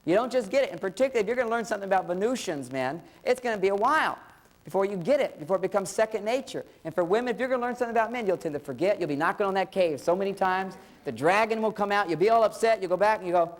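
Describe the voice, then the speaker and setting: Animated middle-aged man lecturing. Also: high-pitched, racing. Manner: animated, acts out spouses' lines in quoted voices; conversational, addresses listeners directly. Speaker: relationship lecturer. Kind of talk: humorous seminar talk to a live audience.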